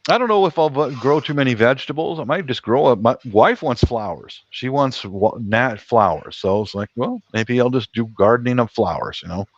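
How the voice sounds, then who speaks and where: A man's voice: mid-range voice, expressive, moderate pace, hardly any pauses, no echo, muffled recording. A man chatting easily as a guest, talking about his garden and saying mm-hmm a lot. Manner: easygoing, lots of mm-hmms. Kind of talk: casual chat.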